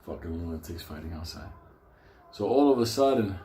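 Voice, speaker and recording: A man's voice: sits low, lively intonation, fairly quick, dark tone, reverberant. A man telling a story casually, swearing constantly and laughing between lines. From New York.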